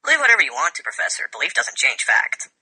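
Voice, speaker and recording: A man's voice: fairly high pitch, huge pitch swings, fast talker, sharp tone, husky, rough recording. A man defending his story in a debate, terse and dismissive. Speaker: debate guest.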